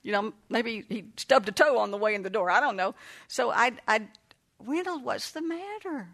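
An older woman who is a grandmother and counselor tells a family story in casual, chatty storytelling fashion. Her medium-pitched voice moves a little fast and sounds warm; she laughs often and acts out the voices of the people she quotes.

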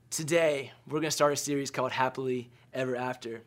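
A man in his thirties preaching a sermon as pastor, telling stories conversationally with stammered restarts and quiet, softened key lines. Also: mid-range voice, steady tone, fairly quick, few pauses. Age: 30s.

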